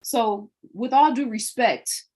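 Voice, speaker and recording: A woman's voice: fairly high pitch, takes it slowly, a little mellow. A woman hosting a livestream, delivering a preachy monologue full of rhetorical questions. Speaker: livestream host.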